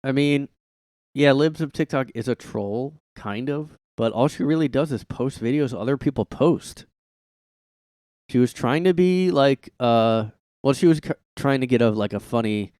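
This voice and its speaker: Recorded on a close mic in his room with no room sound, a man hosts a casual solo podcast, rambling, profane and heavy on "like" filler. He speaks at a moderate pace in a medium-pitched voice with a darkish tone.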